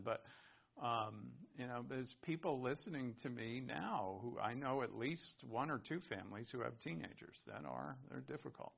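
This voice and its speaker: Male pastor, gravelly mid-pitched voice, animated conversational sermon, dull lo-fi recording. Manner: animated, conversational preaching with asides and laughs.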